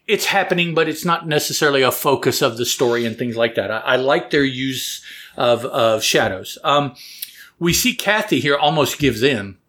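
Man co-host, mid-pitched, loose and jokey, wanders off on tangents, conversational comic talk. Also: lively intonation, normal speed, fairly bright tone. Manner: jokey, digressive, frequent restarts. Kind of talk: casual chat.

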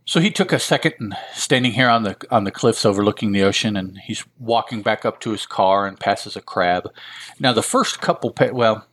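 A man with a fairly low voice hosts a casual comic book review. He rambles through the story and pads it with fillers and self-deprecating asides. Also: moderate pace, a bit bright. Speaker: host.

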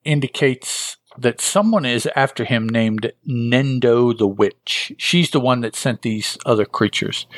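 A man's voice: medium pitch, no echo, clean studio sound. A man hosting a comic book review show, recapping an issue in a rambling, thinking-aloud way and often correcting himself.

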